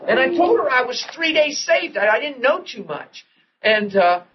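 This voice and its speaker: An excitable man tells a personal story as a sermon, his pitch swinging widely as he gets caught up in it. The recording is dull and lo-fi with a faint hiss behind him. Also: normal speed. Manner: excitable, animated, laughing while telling. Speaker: preacher. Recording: dull lo-fi old tape.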